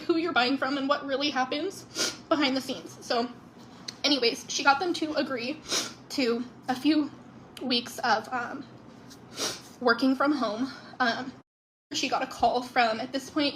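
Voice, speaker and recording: A tearful woman telling her sister's story to camera, halting with many pauses and apologies while crying. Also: high voice, fairly even intonation, fairly bright tone, a little hiss or hum. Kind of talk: emotional social-media storytelling.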